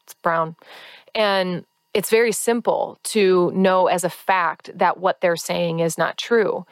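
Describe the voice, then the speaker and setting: A woman's voice: fairly even intonation, takes it slowly, no room sound. Earnest woman podcast host, dry sound. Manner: earnest, acts out inner-critic voices in high tones. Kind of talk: casual solo podcast talk.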